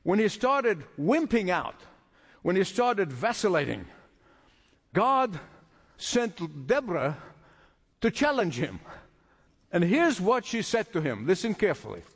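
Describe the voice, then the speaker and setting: Male preacher, high and animated delivery, emphatic sermon style, long hall echo. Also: measured pace, long pauses, slightly rough. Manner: emphatic, repeats phrases for stress.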